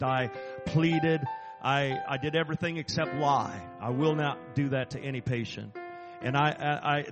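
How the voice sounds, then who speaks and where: A man's voice: fairly high pitch, in a large hall. Earnest man telling a rescue story. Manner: earnest, halting, emphatic. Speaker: assistant chaplain. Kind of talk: personal storytelling.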